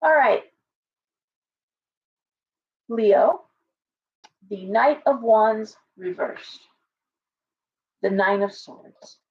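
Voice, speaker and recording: A woman's voice: on the high side, drawn-out words, pauses often. A woman giving a casual live tarot reading, blunt and chatty, full of asides and restarts. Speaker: tarot reader. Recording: distant, dull lo-fi sound.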